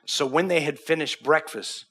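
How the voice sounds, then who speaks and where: A man delivers a sermon as a pastor, his voice bright and a little husky. He sits somewhat high for a man. When he quotes Bible figures, he drops to a hushed near-whisper. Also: moderate pace.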